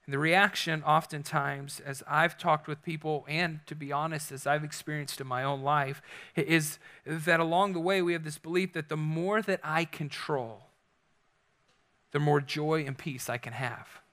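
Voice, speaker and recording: A man's voice: on the high side, moderate pace, fairly bright tone. A man in his thirties preaching a sermon through a candid, self-deprecating personal story.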